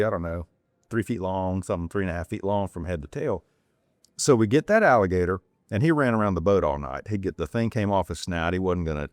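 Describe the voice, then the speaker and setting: A fairly low-pitched man tells loose, rambling stories as a podcast guest, restarting his sentences as he goes. He is from North Carolina and talks in a relaxed, chatty way. The sound is dry, with no room echo. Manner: rambling, digressive anecdotes with restarts; acts out quoted people in a raised voice. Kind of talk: casual storytelling.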